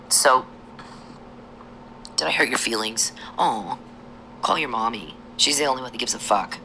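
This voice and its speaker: Gravelly, sharp-voiced woman ranting angrily. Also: extremely low pitch, a little slow, long pauses, a little hiss or hum, low-quality recording. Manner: profane, accusatory ranting that drops to a hushed whisper. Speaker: vlogger. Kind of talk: angry monologue to camera.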